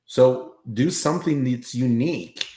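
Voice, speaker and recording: A man chatting casually and giving relaxed advice as host. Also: medium pitch, unhurried. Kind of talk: casual chat. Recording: roomy echo.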